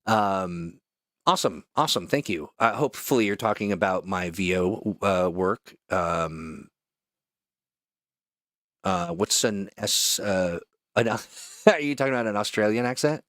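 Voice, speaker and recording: A man's voice: lowish voice, a little slow, a bit bright, dry recording. A man hosting a casual live stream between voice-over takes, joking and poking fun at himself with many fillers, into a studio microphone. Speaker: host and voice-over artist.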